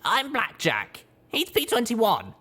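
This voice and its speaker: A woman's voice: a little high, huge pitch swings, takes it slowly, a bit bright, breathy edge, full character voice. A woman voicing a tough, blunt young mare who speaks with dry sarcasm in an audiobook. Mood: wry. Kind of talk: audiobook character voice.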